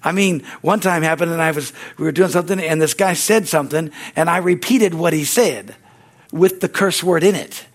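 Man, pastor, church sermon, fervent, stumbles and repeats words, fairly high pitch. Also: moderate pace. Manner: fervent, with frequent amens and hallelujahs; stories grow loud and high-pitched.

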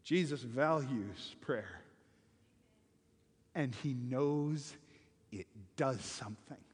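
A man preaching a sermon as pastor, swinging between loud stressed words and hushed, quiet passages. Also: medium pitch, animated, very slow, husky, big-room sound.

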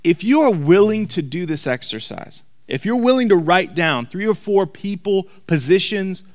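A man preaching a sermon to a congregation. He talks emphatically and repeats key lines slowly for weight. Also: sits high, expressive. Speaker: pastor. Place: church hall before a congregation.

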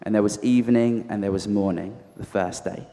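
A man with a Southern American accent reading scripture aloud at a measured, deliberate pace in a church. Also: on the low side, steady tone, dark tone. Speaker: scripture reader. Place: church hall. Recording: echoey church hall, off mic.

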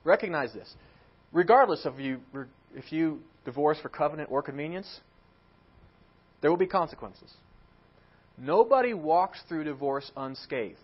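A man preaching a sermon as pastor, animated, acting out quotes. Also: on the high side, unhurried, husky, dull audio.

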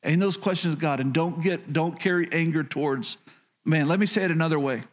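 A pastor preaches to his congregation, his voice sitting a little high for a man. He speaks directly and earnestly to them, often stopping to ask "can I tell you something" and circling back to the same phrases. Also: brisk. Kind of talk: sermon.

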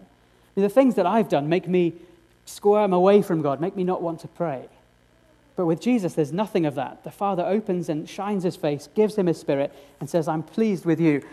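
A man's voice: high-pitched, normal speed, warm tone. A man preaching a sermon, earnest and direct, often asking his congregation rhetorical questions.

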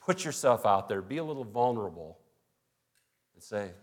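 A man's voice: lowish voice, very animated, moderate pace. A male pastor preaching a sermon in a conversational way, acting out little everyday dialogues.

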